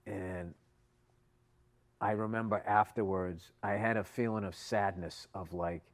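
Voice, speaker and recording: A man's voice: fairly low pitch, fairly even intonation, a little slow. A middle-aged man co-hosting a podcast, telling long, rambling stories in casual chat and swearing freely. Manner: rambling, profane storytelling. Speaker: podcast co-host.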